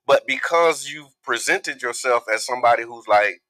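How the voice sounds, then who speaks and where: A man's voice: mid-range voice, normal speed, sharp tone, no echo. A man, co-hosting a casual panel discussion and speaking earnestly, often acting out what other people say. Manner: earnest, acts out quoted voices. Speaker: talk show co-host.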